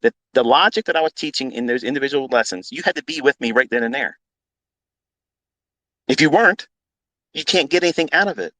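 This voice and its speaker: A man's voice: medium pitch, expressive, fairly quick, pauses often, fairly bright tone, no echo, low-quality recording. A man talking off the cuff as a trading educator, blunt and combative, swearing freely and repeating himself for emphasis. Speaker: trading educator on a live audio space. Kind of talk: unscripted profane rant.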